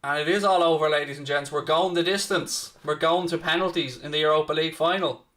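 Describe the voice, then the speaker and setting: A man's voice: on the high side, steady tone, quick pace, a bit bright. A young man hosting a live football watchalong, chatting casually and answering viewers by name. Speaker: watchalong host. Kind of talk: live stream commentary and chat.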